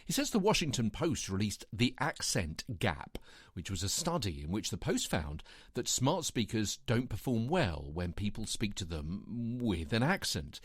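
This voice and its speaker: Male solo podcast host, low voice with a lively, swinging delivery, dry close-mic sound. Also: a little slow, slightly rough, no room sound. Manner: reads out quotes with lively asides and fillers. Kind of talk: casual solo podcast commentary.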